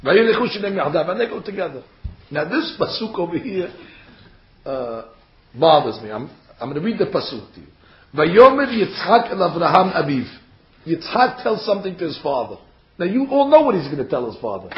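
A man teaching a Torah class, reading verses aloud and acting out the figures' words in a lively way. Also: on the high side, a little fast. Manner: animated, acts out the figures' words. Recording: dull, echoey room.

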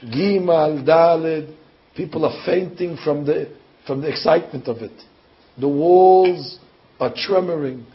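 A man with a fairly high voice tells a sermon story with lively, animated delivery. He stumbles and repeats himself, then lifts into bursts of emphasis. The recording sounds dull and lo-fi. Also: unhurried.

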